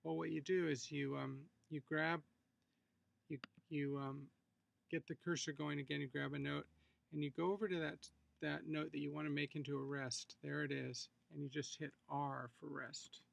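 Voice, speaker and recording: Male music instructor, heavy vocal fry, slightly high voice, easygoing screencast explainer. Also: normal speed, dry recording. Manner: relaxed, explanatory, thinking aloud with fillers. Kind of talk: screencast tutorial walkthrough.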